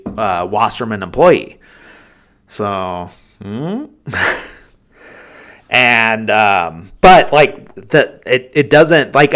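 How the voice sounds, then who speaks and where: A man hosting a podcast, recapping a film in a rambling, casual way, full of fillers and quick chuckles. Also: fairly low pitch. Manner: rambling, heavy use of "like" and fillers; animated retelling of scenes, chuckling. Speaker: podcast host. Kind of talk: casual film review chat.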